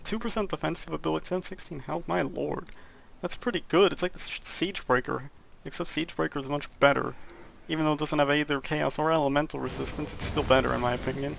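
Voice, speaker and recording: Gravelly young man rambling over gameplay. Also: on the high side, fairly even intonation, fast talker, fairly bright tone, a little hiss or hum. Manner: rambling, jokey, laughs at his own jokes. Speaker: gameplay commentator. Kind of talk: casual let's-play commentary.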